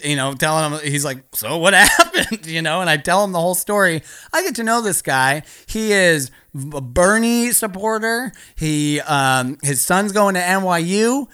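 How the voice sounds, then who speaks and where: A male comedian spins a long, rambling story, swearing freely and breaking into laughter mid-sentence. His voice sits a little high and sounds bright and edgy. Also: clean tone. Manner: profane, rambling, laughs through lines. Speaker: stand-up comedian.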